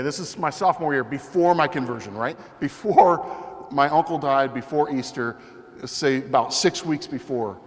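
A man's voice: medium pitch, a bit bright, big-room sound. A young man preaching a sermon in a conversational way, often asking the listeners questions.

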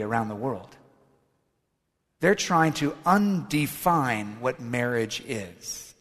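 A man giving a sermon-style talk to a live audience as a Catholic speaker, telling stories with animation and raising his voice for quotes. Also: medium pitch. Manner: animated storytelling, switches to raised emphatic voice for quotes. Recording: long reverb of a large hall.

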